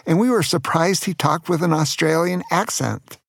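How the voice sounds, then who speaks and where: A man's voice: a little high, normal speed, creaky, fairly bright tone, no room sound, clean studio sound. An older man telling a children's adventure story as a grandfather, playful and dramatic, with small jokes.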